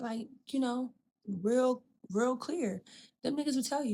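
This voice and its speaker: A woman's voice: high-pitched, moderate pace. A woman hosting a podcast, telling a personal story in candid chat, blunt and profane, acting out the people she quotes. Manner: frank and profane, addresses listener as "girl" and "bitch"; animated, acts out quoted people. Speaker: podcast host.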